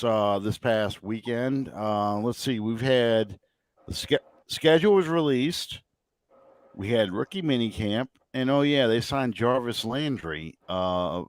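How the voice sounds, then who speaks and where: A man's voice: lowish voice, no room sound. A man hosting a casual sports talk show, hiccuping and rambling with many fillers. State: has the hiccups. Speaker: podcast host.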